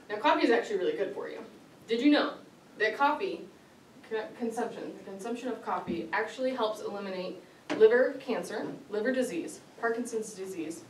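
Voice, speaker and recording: A woman's voice: medium pitch, a little mellow, slight background noise. A woman giving a prepared speech to a club audience, lighthearted and often laughing. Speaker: club speaker. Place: meeting hall with an audience. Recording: roomy hall, mic far off, audience audible.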